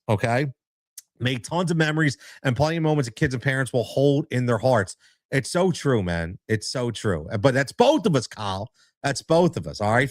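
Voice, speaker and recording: A man's voice: medium pitch, no echo, studio quality. A man hosting a podcast, telling a story in a casual, emotional way and often tossing in "man" and "right?". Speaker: podcast host.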